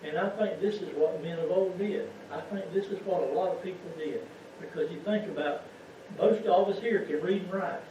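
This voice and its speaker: His voice is high and warm, and he moves at a moderate pace with hardly any pauses as he preaches a folksy lay sermon in a church sanctuary. Rhetorical questions to the congregation come up again and again. There is a little hiss or hum, and the far-off church sound is muffled and echoey.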